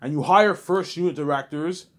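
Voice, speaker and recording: A man's voice: a little high, moderate pace, fairly bright tone. A man talking in a rambling, repetitive monologue, often restarting and adding "you know what I'm saying". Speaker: vlogger.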